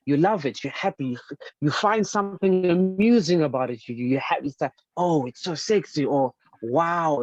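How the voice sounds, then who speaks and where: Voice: medium pitch, darkish tone, dry recording, highs cut off. An earnest panelist speaks in a panel discussion, often repeating words while searching for the next thought.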